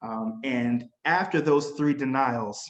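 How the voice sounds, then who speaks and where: A man's voice: medium pitch, slow, echoey room, dull audio. A man presenting a casual Bible study lesson, talking conversationally with lots of fillers and restarts, and acting out the people in the story with a raised voice. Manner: acts out quoted speakers in a raised voice.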